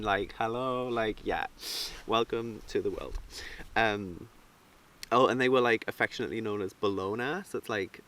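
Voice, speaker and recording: A young man rambling through a casual vlog review, animated and full of fillers. His voice sits fairly low. Behind him there is a faint hiss of noise. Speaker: reality show reviewer.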